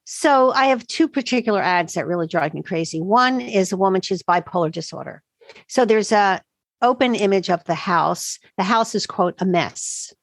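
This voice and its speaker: A woman, a doctor answering podcast interview questions with emphatic, animated explanations. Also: medium pitch, moderate pace, no room sound. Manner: emphatic, animated storytelling with quoted asides. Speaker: integrative medicine doctor, podcast guest.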